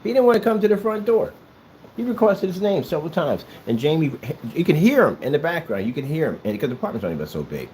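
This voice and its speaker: A man's voice: on the high side, very animated, quick pace, dark tone, slight background noise. A man ranting at someone straight to the camera, scolding and sarcastic, with a lot of repetition. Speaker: vlogger. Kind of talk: confrontational address to camera. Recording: echoey room.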